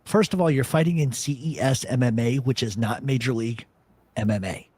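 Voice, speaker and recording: Brisk and medium-pitched, this man's voice is a little mellow and husky, on a dry recording. Hosting a radio talk show, he chats casually, telling stories and making blunt arguments laced with profanity.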